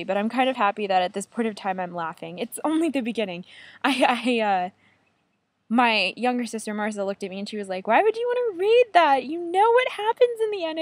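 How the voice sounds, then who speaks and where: A woman's voice: medium pitch, no echo. A woman in her twenties talking casually to camera in a vlog, chatty and enthusiastic, often laughing. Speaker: book vlogger.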